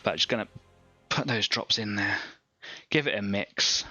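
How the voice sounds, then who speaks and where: Co-host, man from Devon, West Country accent, bright forceful voice, rambling casual chat, faint music under it. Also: on the low side, normal speed, no echo, muffled recording. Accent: West Country English. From Devon, England. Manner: chatty, rambling, laughs often, thinks aloud. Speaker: painting club co-host. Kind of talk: casual livestream chat while painting miniatures.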